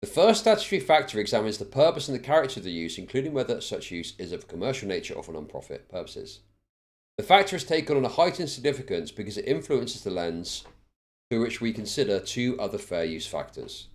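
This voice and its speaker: A man's voice: lowish voice, very animated, fast. A male live streamer reading a court ruling aloud, racing through the legal text and breaking off into bored, sardonic asides, recorded on a desk microphone.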